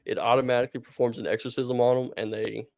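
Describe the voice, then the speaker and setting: A male podcast co-host with a gravelly voice tells a story in a loose, meandering way. He breaks into laughter often. His voice sits close and dry. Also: medium pitch, little pitch movement, quick pace, a little mellow, no room sound. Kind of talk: casual podcast chat.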